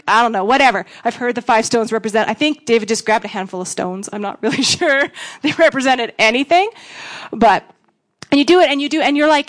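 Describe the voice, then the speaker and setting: A woman giving a casual, conversational sermon, acting out voices with sudden big jumps in pitch. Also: fairly quick, fairly bright tone. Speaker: preacher.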